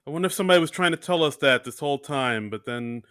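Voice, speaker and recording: A man's voice: mid-range voice, expressive, quick pace, a bit bright, smooth, dry recording, studio quality. A man co-hosting a podcast, talking casually and hesitantly with many fillers. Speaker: podcast co-host. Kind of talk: casual chat.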